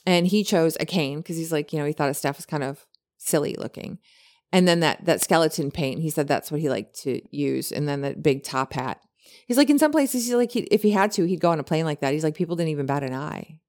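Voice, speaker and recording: A woman co-hosting a podcast, chatting casually and retelling a story with many animated quotes. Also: deep voice, fairly quick. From lived in California. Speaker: podcast co-host.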